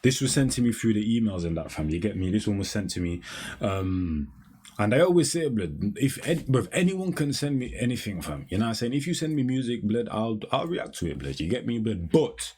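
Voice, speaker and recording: A young man, hosting a casual music reaction and chattering rapidly in slang, full of fillers. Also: fairly low pitch, very animated, a little mellow, breathy edge.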